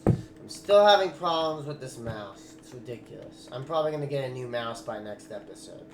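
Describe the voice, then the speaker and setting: A man's voice: mid-range voice, expressive, moderate pace. A man giving casual commentary while building in a game; he talks loosely, swears when he gets frustrated, then apologizes. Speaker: Minecraft server host. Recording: echoey room, loud background music.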